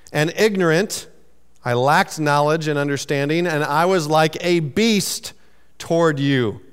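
Man, sermon, fairly high voice, smooth and resonant, chatty with restarts, long hall reverb. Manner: conversational, self-teasing, with stammered restarts. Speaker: pastor.

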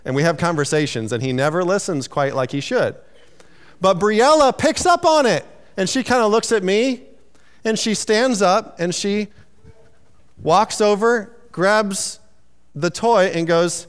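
Man, sermon, fairly high voice, smooth and resonant, chatty with restarts, long hall reverb. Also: lively intonation, unhurried. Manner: conversational, self-teasing, with stammered restarts. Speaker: pastor.

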